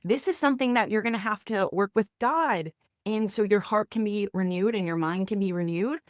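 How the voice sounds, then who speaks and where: A woman's voice: medium pitch, moderate pace, no room sound, clean studio sound. A woman therapist and coach teaching to camera from a faith-based angle, in a direct, encouraging, plain-spoken way.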